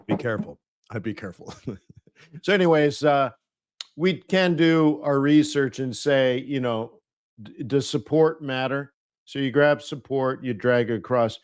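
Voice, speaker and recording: A man's voice: medium pitch, measured pace, clean tone. A man hosting a live trading webinar, chatty and playful, laughing at his own jokes and mimicking people in mock voices.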